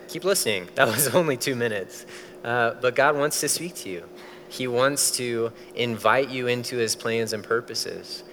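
Long hall reverb colors this sermon, where a man preaching as pastor has a mid-range, somewhat bright voice over a slight hiss or hum. His delivery is casual and lively, and he performs different voices for his quotations.

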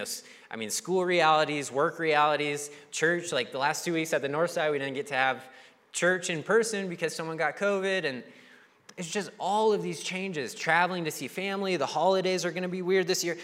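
Conversational young pastor in a reverberant hall. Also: male voice, fairly high pitch. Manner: conversational, animated, acts out quoted voices. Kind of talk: sermon.

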